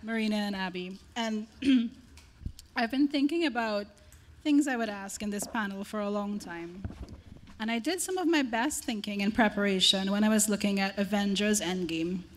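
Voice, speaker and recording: A woman chairing a literary festival panel, who thanks the readers and asks thoughtful, measured questions. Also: medium pitch, a little hiss or hum.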